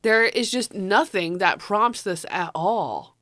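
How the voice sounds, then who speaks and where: A woman talks through a film in a loose, casual review, blunt and openly sarcastic, with a lot of cursing. Her voice sits at a middling pitch. The sound is dry and close, with no room echo. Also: takes it slowly, a bit bright. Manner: blunt, sarcastic, swears freely. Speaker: movie reviewer. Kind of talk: casual spoken movie review.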